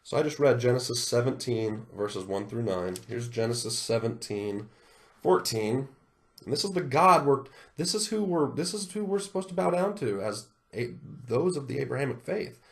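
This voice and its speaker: A man hosting a video, reading scripture aloud in a solemn cadence and commenting on it in an animated, indignant way. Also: mid-range voice, moderate pace.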